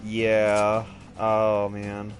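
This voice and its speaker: A man's voice: lowish voice, very slow, faint music behind. A man co-hosting a let's play, chatting casually and wryly while gaming, swearing now and then. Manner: lively, wry, swears casually. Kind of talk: casual gameplay chat.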